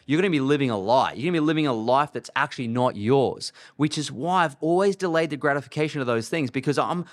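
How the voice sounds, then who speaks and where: Blunt, emphatic man giving money advice. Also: a little high. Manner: blunt, emphatic, punchy delivery. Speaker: host.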